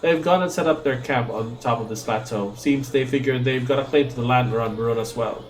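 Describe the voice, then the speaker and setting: A man reading a distrustful, gruff male settler from a game, in a folksy grumbling drawl. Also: mid-range voice, fairly quick, natural voice. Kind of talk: reading game dialogue aloud.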